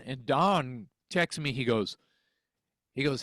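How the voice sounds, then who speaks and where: A man's voice: mid-range voice, animated, slow, fairly bright tone, no room sound, clean studio sound. A man who sings and teaches music, from Texas, telling a story in casual conversation, acting out phone calls and swearing freely. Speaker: interview guest, singer.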